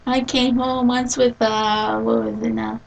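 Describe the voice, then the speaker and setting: A woman's voice: on the high side, little pitch movement, unhurried, creaky. A young woman chatting casually in a video blog, rambling through stories with lots of giggling and acted-out quotes. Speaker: vlogger. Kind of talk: casual chat. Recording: distant from the mic.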